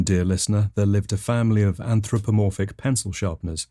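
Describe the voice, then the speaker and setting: Low-ish guy rambling through silly made-up stories, totally deadpan. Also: quick pace. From England. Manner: rambling, matter-of-fact delivery with self-corrections. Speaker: comedy podcast host. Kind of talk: deadpan absurd storytelling.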